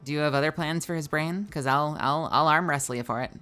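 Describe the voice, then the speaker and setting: Tired, low-voiced woman streamer. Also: fast talker, fairly bright tone, smooth. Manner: chatty, reads chat aloud, swears casually. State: tired, yawning. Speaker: livestreamer. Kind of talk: casual live-stream chat with viewers. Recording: faint music behind.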